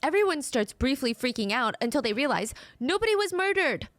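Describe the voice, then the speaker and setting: A woman with a fairly high voice telling a true story. She narrates with drama and acts out the people in it. The recording is dry, with little room sound. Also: big pitch swings, brisk, no room sound.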